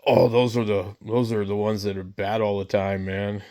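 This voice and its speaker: A man's voice: lowish voice, little pitch movement, moderate pace, warm tone, close to an everyday voice. Man mimicking a pushy nosy old stranger. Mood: dismissive. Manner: pushy, insistent.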